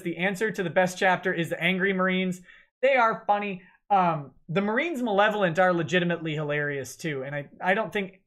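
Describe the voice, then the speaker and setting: A man's voice: sits high, a bit bright. A man hosting a legal livestream, reading viewer super chats aloud and adding wry, offhand asides. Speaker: lawyer livestream host.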